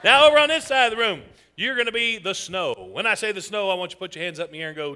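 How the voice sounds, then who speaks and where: A man hosting a comedy show, teasing audience members in a loud, folksy way. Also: high voice, racing, hardly any pauses, smooth. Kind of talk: audience participation stand-up. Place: theater stage with live audience. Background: audience laughter.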